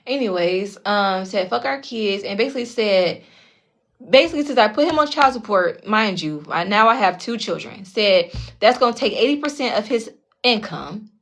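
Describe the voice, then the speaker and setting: A woman host speaks at a middle pitch, telling her own story in a loose, candid monologue. She swears freely, keeps asking her listeners whether they follow, and slips into the voices of the people she talks about. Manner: blunt, heavily profane, keeps checking in with listeners; animated, acts out the other people in her story. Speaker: tarot channel host telling a personal story.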